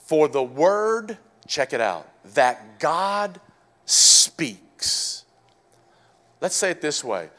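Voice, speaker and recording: A man preaching a sermon to his church, calling out to the congregation and swinging between shouted declarations and quieter teaching. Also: a little high, very animated, very slow. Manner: calls out to the congregation. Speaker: pastor.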